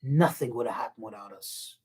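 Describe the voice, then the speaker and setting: A man's voice: medium pitch, brisk, dark tone, slight background noise, voice pushed down, close to an everyday voice. A man voicing a pair of proud talking eyes in a fable.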